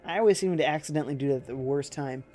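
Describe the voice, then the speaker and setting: A chatty, jokey man livestreams a video game, answering chat as he plays. His voice sits a little high. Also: rapid-fire, mellow, faint music behind. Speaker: livestreaming gamer. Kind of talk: casual let's-play commentary.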